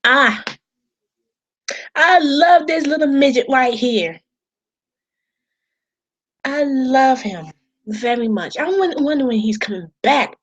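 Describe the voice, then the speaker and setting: A woman's voice: sits high, expressive, slow, long pauses, lo-fi sound. Rambling, emotional woman vlogger. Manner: rambling, emotional, repeats herself, swears. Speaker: wrestling vlogger. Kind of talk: casual vlog talk. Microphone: on camera.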